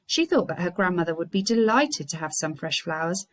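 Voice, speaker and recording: With a voice on the low side and a moderate pace, a woman teaching primary school reads her class a fairy tale in an expressive storyteller's manner. She has an English accent.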